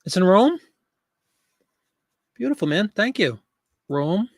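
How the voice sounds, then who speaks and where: A man's voice: a little high, animated, brisk. A man in his fifties hosting a live listing stream, chatting casually, joking and talking to viewers in chat.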